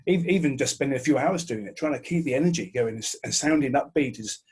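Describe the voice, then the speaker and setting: Middle-aged man, husky voice, friendly reflective host, stammers into sentences. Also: mid-range voice, lively intonation, fast talker, a little mellow. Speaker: host and TV presenter. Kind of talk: casual video-call conversation. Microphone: video call.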